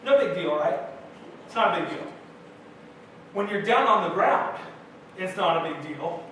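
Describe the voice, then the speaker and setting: High-voiced young pastor in an echoey church. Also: male voice, animated, unhurried, fairly bright tone. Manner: casual, self-deprecating storytelling. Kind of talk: sermon. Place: church sanctuary. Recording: echoey church hall from far off with faint noise.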